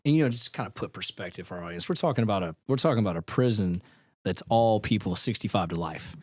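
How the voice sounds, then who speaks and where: A male podcast host asks probing questions at a quick clip. His voice is very low, and it is heard dry, close to the mic. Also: lively intonation, darkish tone, dry recording. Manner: probing, brief reactions. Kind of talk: interview questions.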